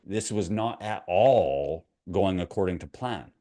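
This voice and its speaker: A man with a deep, low voice speaks as a mindset coach. He tells a story in a relaxed, conversational way and turns to the viewer with questions. He is middle-aged and from Canada. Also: measured pace. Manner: conversational, asks the viewer questions, retells a parable. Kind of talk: motivational storytelling to camera.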